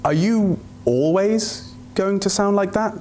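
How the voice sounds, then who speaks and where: A man's voice: sits high, takes it slowly, darkish tone, slight background noise. A man acting as a flustered, stammering interviewer in a comedy skit.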